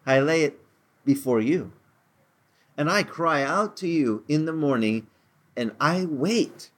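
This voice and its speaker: A man preaching a sermon as a pastor, conversational and earnest, with frequent repeated words and his voice climbing higher as he gets stirred up. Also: expressive, slow pace, a bit bright.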